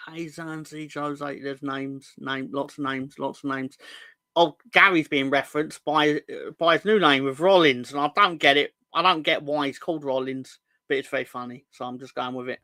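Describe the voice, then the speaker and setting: A man's voice: on the high side, steady tone, moderate pace, bright, forceful tone, dry recording. A young man hosting a fan channel live stream, bantering with the chat in a rambling, jokey, sweary way.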